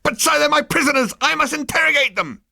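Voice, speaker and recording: A man's voice: very high voice, expressive, quick pace, creaky, pushed and bright, dry recording, pitched above the performer's own voice, heavily acted. A man voicing a furious male military second-in-command who squeals and bellows. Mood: furious shouting.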